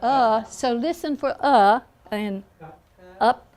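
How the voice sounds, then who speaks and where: A woman's voice: on the high side, darkish tone. A woman with a Southern American accent, teaching a phonics class in a classroom and checking in with a patient "okay?". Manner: slow, patient, with frequent "okay?" check-ins. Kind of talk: classroom lesson.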